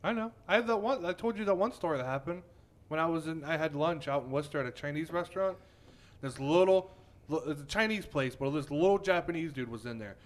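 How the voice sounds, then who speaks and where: A man's voice: fairly high pitch, animated, fast talker. A man in casual chat, telling an anecdote and laughing through it.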